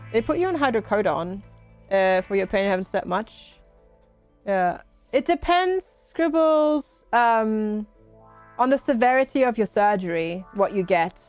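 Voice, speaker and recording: A woman's voice: mid-range voice, animated, a little slow, a little mellow, faint music behind. A woman game streamer casually chatting, greeting and reading out her chat viewers while she plays.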